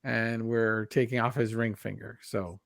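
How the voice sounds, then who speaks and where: Rambling, laughing podcast co-host. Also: male voice, fairly low pitch, level tone, unhurried, gravelly, a bit bright, dry recording, studio quality. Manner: rambling, laughing, self-interrupting. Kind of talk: casual chat.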